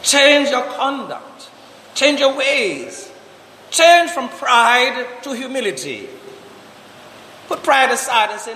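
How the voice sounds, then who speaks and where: A priest preaching a sermon, asking repeated rhetorical questions and drawing out slow, emphatic commands. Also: male voice, very high-pitched, sing-song, pushed and bright, roomy sound, long reverb tail, a little hiss or hum, low-quality recording.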